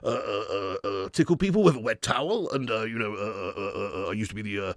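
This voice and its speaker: A man's voice: lowish voice, fast talker, no room sound, studio quality, voice pushed down, lightly acted. A man voicing a bumbling posh male politician who stammers "uh" between almost every word. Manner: endlessly stammering "uh" between words.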